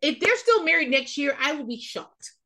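A woman podcast host with a bright, forceful voice. She talks fast and loose in a casual recap chat. She rants bluntly and swears freely, with a fairly high pitch. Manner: blunt, profane, animated ranting.

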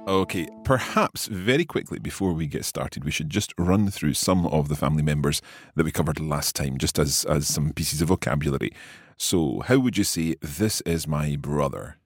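A man co-hosting a Swedish language lesson podcast, relaxed, asking questions and practising phrases. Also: very deep voice, normal speed, husky, no echo, studio quality. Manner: relaxed, asks questions, laughs easily. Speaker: co-host learning Swedish.

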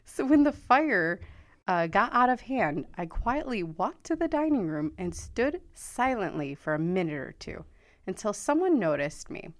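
A woman hosting a podcast in casual chat, expressive and quick to react. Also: mid-range voice. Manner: expressive, reacts with laughs and exclamations. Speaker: podcast host.

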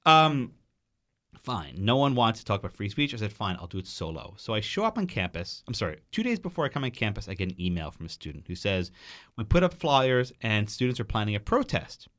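A man, a guest in a podcast studio, telling a story in an animated way and acting out what other people said. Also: on the low side, a little fast. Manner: animated, quotes people in changing voices.

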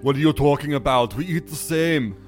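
A man's voice: on the high side, a little fast, over music, natural voice. Man playing a stocky old dwarf wife. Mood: indignant. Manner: bickering, jokey.

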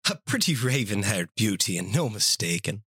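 Man doing a mocking little leprechaun: husky, lively put-on brogue, close dry mic. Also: fairly low pitch, moderate pace, no echo. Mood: teasing. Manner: put-on old-fashioned Irish brogue. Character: mischievous male leprechaun, sly and mocking.

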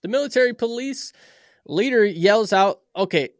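A man's voice: sits high, expressive, normal speed, no echo, studio quality. A man co-hosting a podcast, summarizing episodes in a loose, casual way with plenty of swearing. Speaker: podcast co-host recapping episodes.

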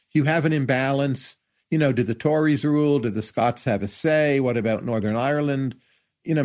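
A man answering interview questions as an economist guest, measured and analytical, offering careful hypotheses. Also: medium pitch, a little mellow.

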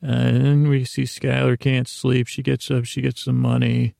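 A man's voice: medium pitch, little pitch movement, normal speed, creaky, warm tone, no room sound, studio quality. A man hosting a sleep podcast, rambling through a casual bedtime recap with meandering restarts.

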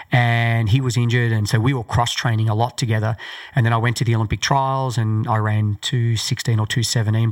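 A former Olympic marathon runner from Australia, appearing as a podcast guest, tells his story in a loose, rambling way packed with fillers. His voice is fairly low.

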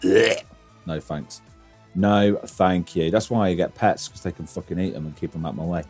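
Man, podcast host, low voice, rambling, sweary, laughs a lot, faint music behind. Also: steady tone, normal speed, darkish tone. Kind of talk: casual podcast chat.

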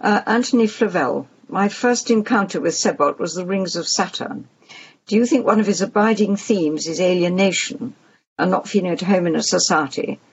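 A host moderating a Q&A, briskly reading audience questions aloud. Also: medium pitch, vocal fry, husky. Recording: muffled lo-fi audio.

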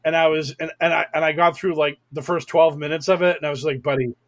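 A man's voice: fairly high pitch, little pitch movement, quick pace. A young man hosting a podcast, talking casually and sarcastically, swearing, stammering and restarting, and working himself up into angry rants. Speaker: podcast host. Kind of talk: casual political podcast rant.

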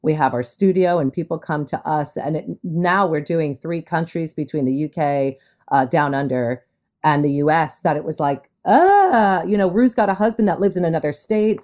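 Woman, fifties, guest, brassy, playful, quick to laugh, fairly low pitch. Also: lively intonation, darkish tone. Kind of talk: casual chat.

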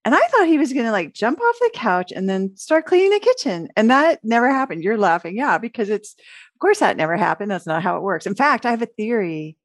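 A middle-aged woman, a relationship author, giving an interview and telling lively stories in which she acts out her own lines. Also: fairly high pitch, brisk, no room sound, studio quality. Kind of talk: conversational interview storytelling.

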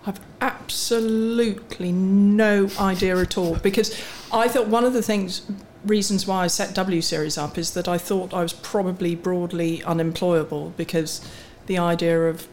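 A woman's voice: on the low side, steady tone, normal speed, few pauses, darkish tone, slight background noise. A middle-aged woman, the guest on a podcast, answering questions in a candid, self-deprecating way with frequent restarts. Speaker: guest, sports series CEO. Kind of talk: casual podcast interview.

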